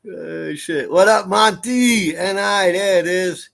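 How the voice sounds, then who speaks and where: A middle-aged man from New York City hosts a livestream from a room in his ground-floor apartment, casually telling rambling, profane stories and laughing a lot. His voice sits high, is creaky and fairly bright, and he speaks at a slow pace.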